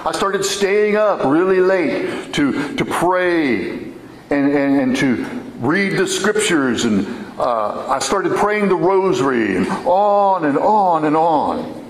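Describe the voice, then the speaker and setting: A man giving a sermon in a church, telling his story in a slow, earnest way. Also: a little high, very animated, reverberant, a little hiss or hum, low-quality recording. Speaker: preacher.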